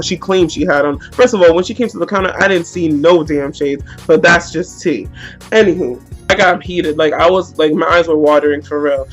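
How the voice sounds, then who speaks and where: A woman's voice: deep voice, moderate pace, soft background music. A young woman telling a heated, slangy story in a storytime vlog. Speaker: vlogger.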